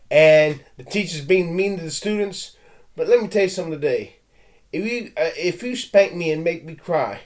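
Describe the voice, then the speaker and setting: A man speaks to his camera in a rambling rant, tripping over his words and circling back. His voice sits a touch high for a man. He sounds intense and blunt, like someone airing grievances. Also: darkish tone. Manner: stammering, with frequent restarts and repeated words; intense and heated, with blunt threats. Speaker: vlogger.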